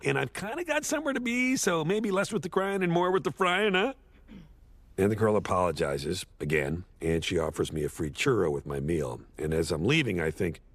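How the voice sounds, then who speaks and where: A man's voice: low voice, husky, no echo, heavily acted. A man playing a sardonic, washed-up male horse actor who rambles through a eulogy with awkward, sarcastic jokes. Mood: wry. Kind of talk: comedic eulogy monologue.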